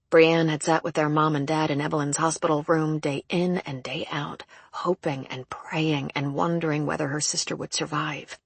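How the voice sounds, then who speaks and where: A woman narrating an audiobook in a measured, even storytelling manner on a close mic. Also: sits low, creaky, husky, dry recording.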